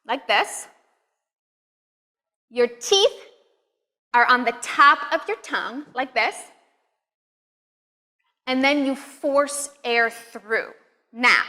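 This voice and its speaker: Bright, high-voiced woman teaching pronunciation. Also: big-room sound. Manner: upbeat, encouraging, demonstrative. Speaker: accent teacher. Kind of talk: pronunciation lesson.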